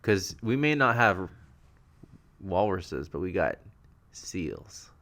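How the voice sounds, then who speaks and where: Man, podcast co-host, lowish voice, very lively pitch, jokey banter. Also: slow pace. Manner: jokey, laughs often, riffs on news. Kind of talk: casual comedic banter.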